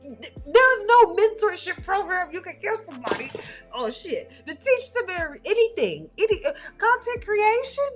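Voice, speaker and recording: A woman's voice: very high voice, big pitch swings, normal speed, faint music behind. A woman doing reaction commentary on clips, blunt, exclaiming and profane.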